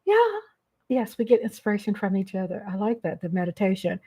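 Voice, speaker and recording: A middle-aged woman chats casually on a live stream, warmly and affectionately greeting viewers by name. Her medium-pitched voice is steady and slightly breathy, and she talks fast.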